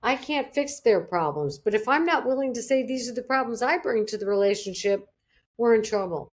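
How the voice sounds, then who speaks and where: A woman's voice: expressive, fairly quick. A woman guest on a podcast, talking emphatically and acting out conversations with big swings in her voice. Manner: emphatic, acts out quotes with big pitch swings. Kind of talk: casual interview chat.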